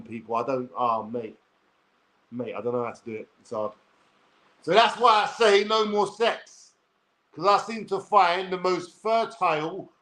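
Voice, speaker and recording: A man's voice: a little high, fairly bright tone, low-quality recording. A man ranting crudely and bluntly to his viewers, swearing freely and addressing them directly. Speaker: vlogger. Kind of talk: direct-to-camera rant.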